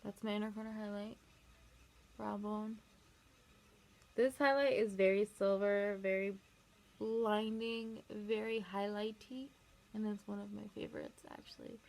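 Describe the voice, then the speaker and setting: A woman's voice: medium pitch, flat delivery, creaky, darkish tone. A young woman vlogger chatting casually and rambling through a story while doing her makeup. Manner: rambling, filler-heavy, quick asides.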